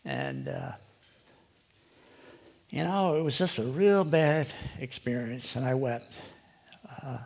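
A man's voice: mid-range voice, huge pitch swings, takes it slowly, vocal fry, long pauses, a little mellow. An older man giving a rambling, conversational personal testimony to a live audience, heavy with "you know". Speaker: lay preacher giving a testimony.

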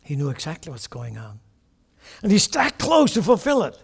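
A man's voice: fairly high pitch, wildly swooping pitch, brisk, gravelly, breathy edge, long reverb tail. A man preaching a sermon, teaching with emphasis and putting questions to the congregation.

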